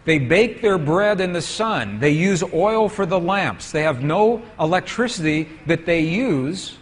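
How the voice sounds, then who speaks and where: A man with a husky voice pitched a little high tells a story while lecturing from slides. He speaks unhurriedly and keeps turning to his audience with questions. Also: animated, measured pace.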